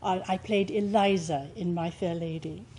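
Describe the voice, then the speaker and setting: An older actress telling stage anecdotes in an interview, with a lively, theatrical delivery. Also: female voice, on the low side, moderate pace, rough recording.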